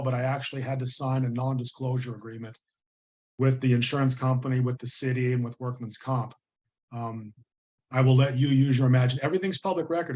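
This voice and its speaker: A man's voice: mid-range voice, a little mellow. A middle-aged American man, a guest on an interview show, telling his story earnestly and vividly, acting out the voices of people he quotes. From United States.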